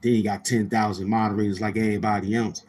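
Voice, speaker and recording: A lower-pitched man, talking off the cuff as a livestream host. He circles back on his words, restarts often and slips into mocking impressions of others. A faint hum of room ambience sits behind him. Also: little pitch movement, fast talker, darkish tone. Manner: loose, repetitive, with frequent restarts and mocking put-on quotes. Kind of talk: casual livestream rant.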